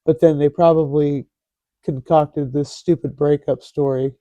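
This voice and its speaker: Male vlog host, sarcastic and mocking, slow delivery, deep-toned mellow timbre. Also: steady tone, dry recording, dull audio. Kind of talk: casual commentary reading posts aloud.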